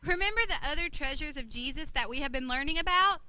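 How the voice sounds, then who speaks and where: Woman doing a bright, teaching puppet shipmate. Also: sits high, lively intonation, fast talker, heavily acted. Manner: patient, explaining, addressing the children. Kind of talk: children's church puppet show.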